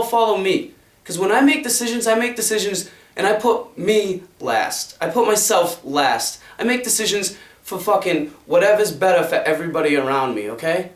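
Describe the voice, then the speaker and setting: A young man delivering an impassioned, profanity-laced rant to the camera in a fervent, preachy way. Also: high-pitched. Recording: roomy sound from a distant mic.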